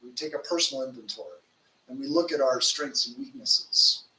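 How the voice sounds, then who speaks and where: A monk in his fifties gives a conversational sermon in a temple lecture hall, his voice bright and mid-range at a normal speed. He tells stories in a loose, informal way with fillers. The hall sounds roomy, the mic is distant, and there is faint background noise.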